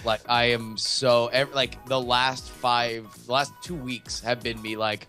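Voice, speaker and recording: A man's voice: mid-range voice, little pitch movement, measured pace, pushed and bright, soft background music. A man co-hosting a podcast, talking casually with a wry edge. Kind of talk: casual chat.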